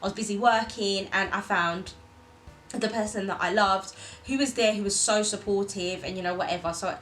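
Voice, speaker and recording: Young woman, vlogger, casual confessional chat, mid pitch, faint music under. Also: moderate pace, poor audio. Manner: chatty, animated quoting of others. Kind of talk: casual storytelling chat to camera.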